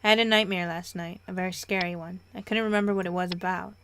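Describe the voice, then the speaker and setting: A woman's voice: on the low side, fast, slight background noise. Woman reading a story game aloud. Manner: expressive reading with stumbles and asides. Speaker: game narrator and player.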